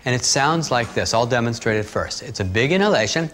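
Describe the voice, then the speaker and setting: A man teaching breathing techniques, talking calmly and steadily through guided instructions. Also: medium pitch, brisk, very noisy. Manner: calm, steady instructional talk with asides.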